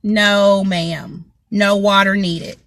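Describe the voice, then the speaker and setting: A woman with a medium-pitched, fairly bright voice speaks very slowly in a steady tone, with no echo. A motivational vlogger, she tells her viewers a story in casual chat, often asking "you know what I'm saying" and greeting people by name.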